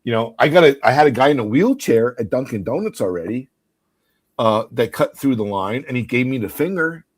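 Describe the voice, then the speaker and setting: A man in his fifties telling an animated story in casual chat, acting out quotes and laughing. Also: mid-range voice, brisk.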